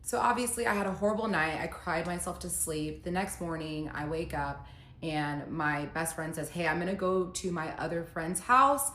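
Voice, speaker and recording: A woman's voice: fairly low pitch, moderate pace, fairly bright tone, echoey room, a little hiss or hum. Woman telling an emotional storytime. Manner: emotional, confessional retelling with quoted texts. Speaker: storyteller recounting her marriage. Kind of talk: personal storytime vlog.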